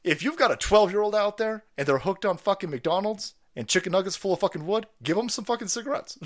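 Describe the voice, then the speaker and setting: A man's voice: high voice, fast talker, hardly any pauses. A man hosting a political stream, ranting in a foul-mouthed way with frequent laughs. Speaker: streamer host. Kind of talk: profane political rant stream.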